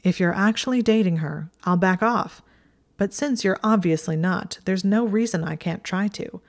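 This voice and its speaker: A woman's voice: mid-range voice, vocal fry, close to an everyday voice. A woman doing a mocking teenage boy wizard. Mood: sardonic. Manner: mocking, quick retorts.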